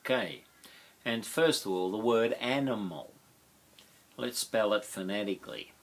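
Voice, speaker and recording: Slow, deep-voiced Australian male teacher. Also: lively intonation. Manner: slow, sounds out words syllable by syllable. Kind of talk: teaching explanation.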